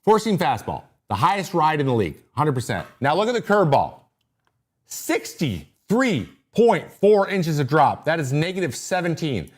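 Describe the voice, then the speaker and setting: Talking at a moderate pace, a male podcast host runs through a pitcher breakdown on a relaxed livestream. His excitement keeps pulling him off track, and he often interrupts himself.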